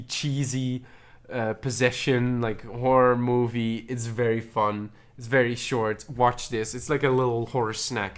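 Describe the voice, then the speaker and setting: A man streaming from home in a casual, chatty way, enthusiastically praising things and often repeating himself. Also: medium pitch. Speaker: streamer showing his movie collection.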